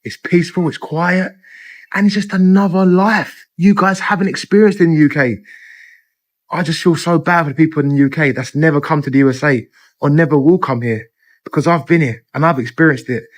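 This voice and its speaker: Casting: emphatic man with a London accent, fairly high voice. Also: a little fast. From England. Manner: emphatic, repetitive. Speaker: traveler. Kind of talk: casual to-camera monologue.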